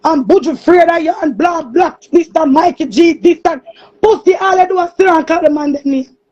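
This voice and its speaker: A woman with a Jamaican accent in an angry, cursing monologue, often shouting. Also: extremely high pitch, fairly quick. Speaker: streamer. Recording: muffled lo-fi recording.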